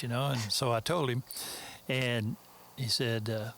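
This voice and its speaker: A man's voice: mid-range voice, fairly even intonation, measured pace, gravelly, fairly bright tone, a little hiss or hum. A man with a Texan accent, a guest in an interview, telling stories in a rambling, folksy way with many fillers. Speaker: interview guest, mastering engineer. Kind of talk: casual storytelling interview.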